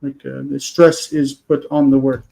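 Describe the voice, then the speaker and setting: A man teaching a grammar lesson on a video call, explaining patiently and slowing down to spell out words. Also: medium pitch, level tone, gravelly, dark tone, rough recording. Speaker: Hebrew teacher. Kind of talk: online class lesson.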